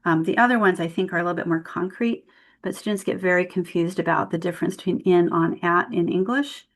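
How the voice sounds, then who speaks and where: Low-voiced woman leading a tutor workshop. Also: fairly quick. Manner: explains with spoken example sentences. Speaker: tutor trainer. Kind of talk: online workshop lecture.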